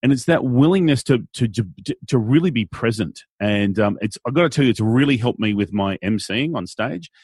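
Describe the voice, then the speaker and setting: A man's voice: mid-range voice, moderate pace, hardly any pauses, slightly rough, no echo, studio quality. An Australian man, an event MC, talking animatedly and playfully in an interview. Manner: animated, playful, acts out quotes in silly voices. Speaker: guest, event MC. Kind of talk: conversational interview.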